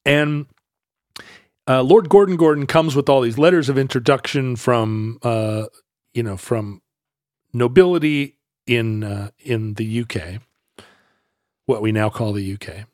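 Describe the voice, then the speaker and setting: A man's voice: mid-range voice, a little slow, long pauses, darkish tone, no echo, clean studio sound. A man casually telling a history story on a podcast, rambling and correcting himself as he goes. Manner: rambling, self-correcting, laughs easily, tries funny voices.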